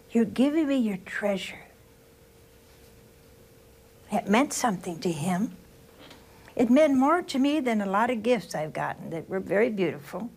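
Older religious sister, homely sermon, unhurried, very expressive pitch. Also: female voice, husky. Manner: slow storytelling with rhetorical questions to the listeners. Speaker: religious sister giving a spiritual talk.

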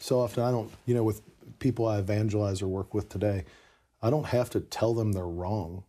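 A man's voice: on the low side, fairly even intonation, brisk, dark tone. A man in casual conversation, earnestly telling a personal story with lots of "you know" asides. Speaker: podcast guest telling his conversion story.

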